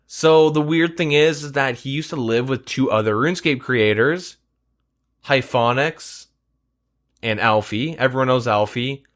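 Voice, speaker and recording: A man's voice: medium pitch, a little slow, a bit bright. Male podcast host, casual and rambling, filler-heavy, swears freely. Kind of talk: casual chat.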